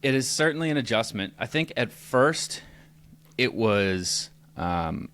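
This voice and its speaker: A man's voice: medium pitch, animated, measured pace, fairly bright tone. A man guesting on a podcast, telling his story in a loose, chatty way with lots of fillers. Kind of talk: casual interview chat.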